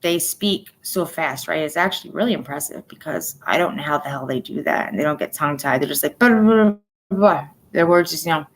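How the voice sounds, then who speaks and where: A woman in her forties giving a personal livestream update, soft-spoken and halting, often dropping to a near-whisper. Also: sits low, rough recording. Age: 40s. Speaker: livestream host.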